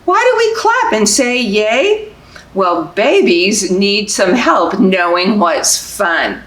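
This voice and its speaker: Animated sing-song woman librarian. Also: mid-range voice, takes it slowly, reverberant, poor audio. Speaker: children's librarian hosting baby story time. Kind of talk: reading aloud and singing to babies.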